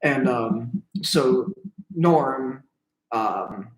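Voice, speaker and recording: A man's voice: mid-range voice, extremely slow. Joke-telling young man in an echoey room. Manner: laughs at his own jokes, swears freely. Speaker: interviewer. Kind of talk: casual chat, telling a joke.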